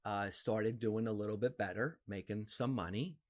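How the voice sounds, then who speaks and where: A man in his fifties from New Jersey, a podcast guest telling stories from his life in a casual, animated way. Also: moderate pace. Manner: animated, acts out quoted voices with big pitch jumps. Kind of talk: casual storytelling interview.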